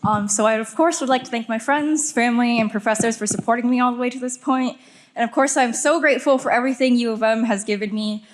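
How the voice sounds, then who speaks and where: A young woman graduate giving an earnest, halting thank-you speech that rises to impassioned calls, speaking on a stage mic at a ceremony. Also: on the high side, slight background noise. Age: young adult. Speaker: graduating student.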